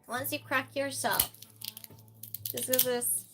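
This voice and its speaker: A woman's voice: high-pitched, flat delivery, takes it slowly, pushed and bright, soft background music. A woman hosting a live-stream game night, chatting casually, reading chat aloud and playfully scolding and thanking donors.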